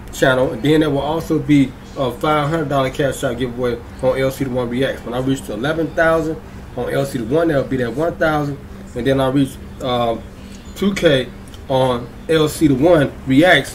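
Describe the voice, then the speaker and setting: A man's voice: medium pitch, moderate pace, slight background noise. A man hosting a reaction video, talking casually and often checking in with viewers. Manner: chatty, keeps checking in with viewers. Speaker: YouTube reaction host.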